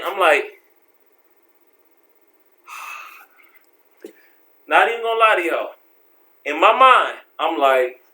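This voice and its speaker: A man telling a story from his life in a casual vlog, slangy and animated, acting out the people in it. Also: on the high side, extremely slow, long pauses. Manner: animated, slangy, acts out voices.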